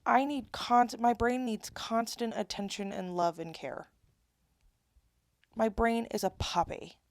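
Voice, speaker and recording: A woman's voice: a little high, fairly even intonation, takes it slowly, dry recording. A woman in her twenties talking straight to camera in a rambling, candid monologue, often breaking off and restarting her sentences. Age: 20s. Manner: rambling, self-interrupting, candid. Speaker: vlogger. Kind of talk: casual confessional monologue.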